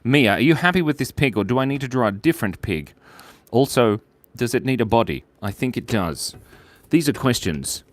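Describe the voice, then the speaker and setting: A man's voice: mid-range voice, expressive, moderate pace, dry recording. A man hosting a live drawing stream, chatting playfully and reading out viewer names. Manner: playful, rambling, reads chat names aloud. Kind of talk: casual live-stream chat while drawing.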